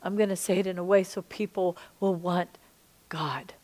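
A middle-aged woman teaching a sermon-style podcast, impassioned, dropping to hushed whispers and rising to loud emphasis. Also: mid-range voice, little pitch movement, fast. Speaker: Christian teacher and minister.

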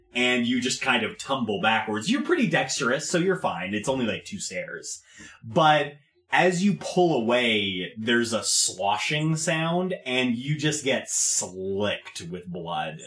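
A man's voice: mid-range voice, a bit bright, echoey room. Man running a tabletop game. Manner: casual, hesitant narration with fillers. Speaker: game master.

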